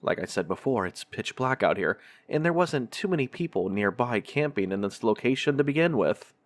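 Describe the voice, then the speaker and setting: A man hosting a horror podcast, reading a first-person scary story in a measured, drawn-out storytelling delivery. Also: medium pitch, expressive.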